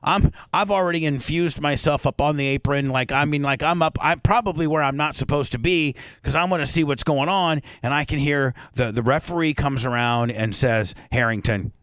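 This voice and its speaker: A man's voice: a little high, moderate pace, hardly any pauses, a bit bright, dry recording. A man hosting a radio talk show, telling a rambling story and acting out quotes. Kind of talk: casual radio banter.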